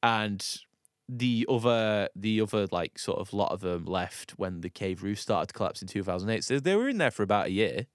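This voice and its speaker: A man's voice: on the low side, animated, moderate pace, dry recording, clean studio sound. A young man telling a story in casual chat as a podcast co-host, rambling and laughing with many restarts.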